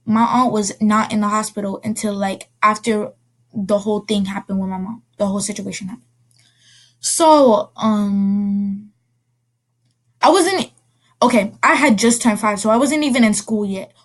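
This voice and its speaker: A woman casually telling a personal story as a vlogger, rambling and correcting herself with quick asides. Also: medium pitch.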